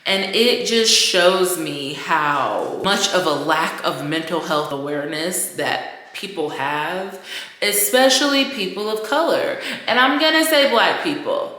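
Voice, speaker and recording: Woman, podcast rant, candid and profane, a little tipsy, unhurried, long room reverb. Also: lowish voice, animated, fairly bright tone. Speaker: podcast host. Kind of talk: casual rant monologue. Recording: roomy echoey room.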